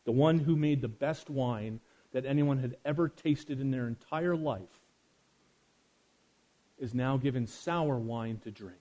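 A man preaching a sermon, swinging from loud emphasis to hushed quiet and speaking straight to his listeners. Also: mid-range voice, a little slow. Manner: addresses listeners directly.

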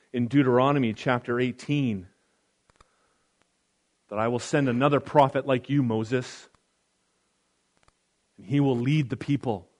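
A pastor preaching a conversational sermon, reading scripture aloud with casual asides. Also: male voice, medium pitch, darkish tone.

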